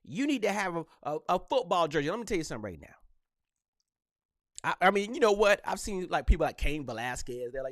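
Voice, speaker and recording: A young man hosts a live podcast, talking fast in slang and riffing with quick laughs. His voice sits high and swings widely in pitch. The sound is dry and close, with no room around it. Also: sing-song, a bit bright, dry recording. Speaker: podcast host.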